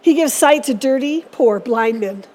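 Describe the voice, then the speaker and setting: A woman's voice: high-pitched, lively intonation, unhurried, a little mellow. A woman preacher giving a sermon in a church, speaking earnestly and urging her listeners on. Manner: earnest, exhorting.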